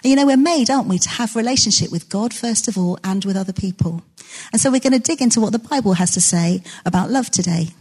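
A woman's voice: medium pitch, fast talker, darkish tone. A woman preaching a sermon in a conversational, self-deprecating way, telling stories to her congregation.

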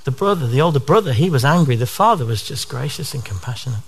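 A man's voice: medium pitch, animated, quick pace, creaky, husky. A male preacher giving a sermon to his church in an earnest way, often posing rhetorical questions.

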